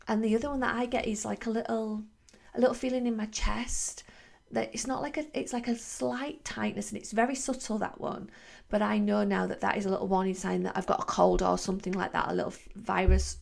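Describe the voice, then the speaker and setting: A woman's voice: medium pitch, fairly even intonation, brisk, vocal fry. A woman, hosting a wellbeing podcast in a chatty, reflective way full of fillers and restarts. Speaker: podcast host, wellbeing coach. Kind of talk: casual reflective monologue.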